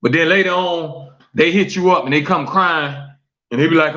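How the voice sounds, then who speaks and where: A man's voice: a little high, normal speed, pushed and bright, highs cut off. A man hosting a live-streamed talk show, repeating questions to his viewers, reading their comments aloud and preaching about forgiveness.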